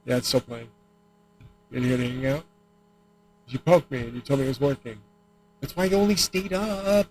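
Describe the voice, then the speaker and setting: A man's voice: medium pitch, moderate pace, long pauses, darkish tone, a little hiss or hum, rough recording. A man streaming alone, rambling and swearing as he talks. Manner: profane, rambling rant. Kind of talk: rambling livestream talk.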